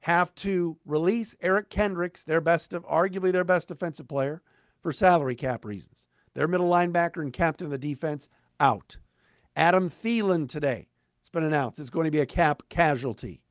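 Man, middle-aged, slightly high voice, blunt sarcastic sports-talk host, dry close mic. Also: normal speed, no room sound. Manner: blunt, emphatic, sarcastic, mocks fans in put-on voices. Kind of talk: opinionated sports monologue.

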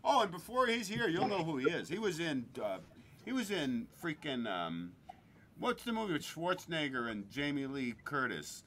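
A man's voice: a little high, very animated, moderate pace, a bit bright, slight background noise. A man hosting a podcast in a crude, joking casual chat, laughing often. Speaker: podcast host.

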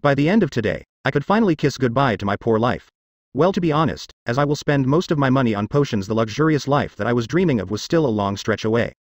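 A male audiobook narrator reads a first-person fantasy story as a wry, sardonic inner monologue. He is expressive and talks fast, his pitch moving a lot from line to line. The recording is dry, close and muffled, with no room sound.

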